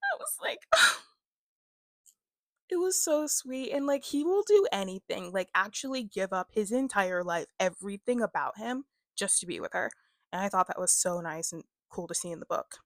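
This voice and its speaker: A woman's voice: medium pitch, animated, normal speed, fairly bright tone, no room sound, studio quality. A young woman giving a casual book review as a vlogger, chatty and filler-heavy, often breaking into laughs.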